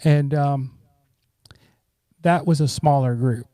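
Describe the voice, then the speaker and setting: A middle-aged man, a podcast guest, telling relaxed personal stories and acting out what friends said. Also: medium pitch, slow, dry recording. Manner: relaxed, warm, acts out quoted friends. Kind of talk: casual storytelling.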